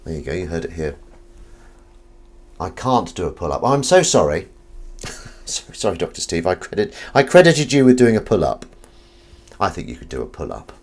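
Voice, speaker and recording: A man hosting a casual live stream, joking with his chat and swinging between loud greetings and mumbled asides. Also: deep voice, big pitch swings, normal speed, long pauses. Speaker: livestream host.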